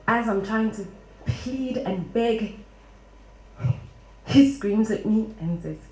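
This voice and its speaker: A woman telling a funny personal story live on stage, expressive and quick to laugh. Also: a little high, roomy sound, rough recording. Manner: humorous, expressive, laughs often.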